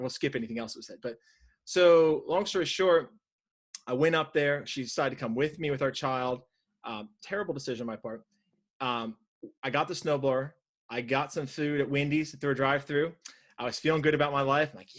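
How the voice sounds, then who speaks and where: A man in his thirties from Northern Virginia speaks as a podcast guest. His pitch sits in the middle range. He tells a story in a casual, animated way, jumping back into half-finished sentences and acting out quotes. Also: fairly quick. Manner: animated, many restarts and acted-out quotes. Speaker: podcast guest, side hustle coach.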